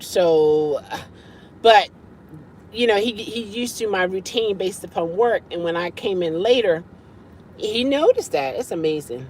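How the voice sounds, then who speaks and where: A woman hosting a casual live-stream chat from her parked car at night, with an animated, friendly way of talking. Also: mid-range voice, unhurried, a little hiss or hum, poor audio. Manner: lively, greets viewers warmly with laughs. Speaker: livestream host chatting with viewers.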